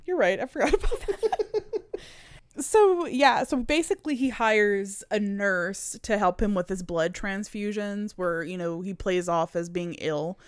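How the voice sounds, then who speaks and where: Woman, podcast co-host, chatty, quick to laugh, smooth voice, dry close sound. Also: mid-range voice, dry recording. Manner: chatty, laughs often, says "like" a lot. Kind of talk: casual chat.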